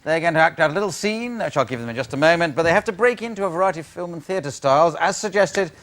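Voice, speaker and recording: A man's voice: a little high, animated, fast, a bit bright. A man hosting an improv comedy show, setting up games with dry, wry asides before a studio audience. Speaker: host. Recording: studio audience laughter and noise.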